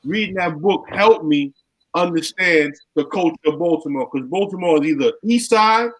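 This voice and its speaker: A man hosting a podcast, interviewing a guest casually and backing him up with quick affirmations. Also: fairly high pitch, rough recording. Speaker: podcast host.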